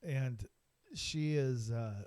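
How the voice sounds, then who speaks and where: A man's voice: mid-range voice, extremely slow, a little mellow, smooth, no echo. A man co-hosting a podcast, chatting casually, swearing freely and laughing along. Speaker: podcast co-host. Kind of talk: casual chat.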